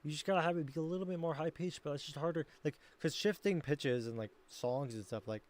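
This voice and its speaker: A man's voice: a little high, quick pace, darkish tone. Rambling, self-critical male streamer. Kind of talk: casual chat.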